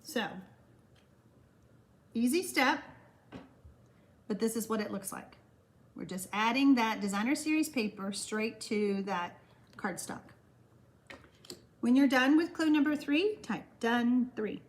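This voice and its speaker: Speaking slowly and expressively with frequent pauses, this older woman's voice is on the high side. With a Texan accent, she leads a live card-making stream, chatting and reading viewer comments aloud before answering them warmly.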